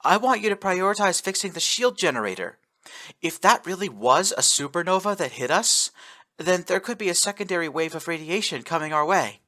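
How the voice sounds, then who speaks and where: A man voicing a young female acting captain who gives brisk orders to her crew. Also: high voice, expressive, sharp tone, voice pushed up. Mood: commanding. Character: young woman acting starship captain, commanding.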